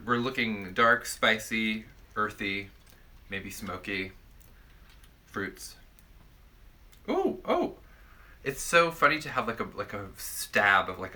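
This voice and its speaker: A man's voice: low voice, bright, forceful tone. A man casually chatting as a perfume reviewer, playful and rambling, full of jokey descriptions. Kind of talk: casual chat.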